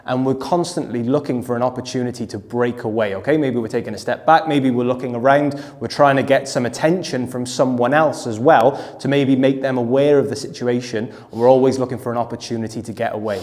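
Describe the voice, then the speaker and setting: Brief: British instructor host, mid-pitched, steady explainer, long reverb trailing behind. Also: male voice, fairly quick, hardly any pauses. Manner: steady, explanatory, checks in with "right?" and "okay?". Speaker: self-defence instructor and host. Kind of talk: instructional chat to camera.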